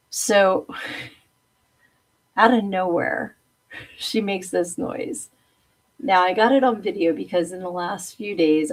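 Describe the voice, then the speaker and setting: A woman's voice: fairly low pitch, husky. Chatty woman hosting a live stream. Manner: chatty and animated, often laughing. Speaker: host. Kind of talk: casual live-stream chat reading comments.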